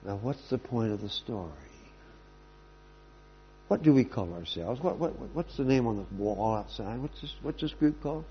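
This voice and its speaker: A man preaching a sermon and telling stories in a lively, emphatic way. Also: medium pitch, normal speed, dull audio, a little hiss or hum.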